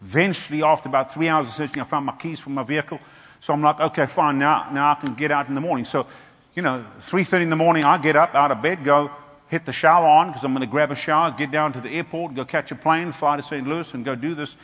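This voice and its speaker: A man's voice: on the high side, quick pace, fairly bright tone. A man preaching a sermon as pastor, telling a story and calling out to the congregation with rising exclamations. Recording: long hall reverb.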